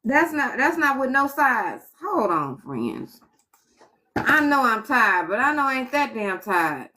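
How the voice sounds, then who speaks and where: A woman's voice: fairly high pitch, very animated, unhurried, pushed and bright. A woman chatting casually on a live stream, muttering exasperated asides to her viewers as she goes.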